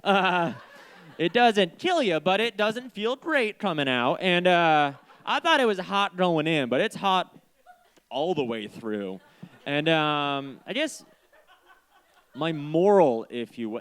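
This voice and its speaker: A man's voice: a little high, a bit bright, clear, resonant tone. A young man telling a rambling, self-deprecating stand-up story on a small community stage. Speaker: stand-up comedian.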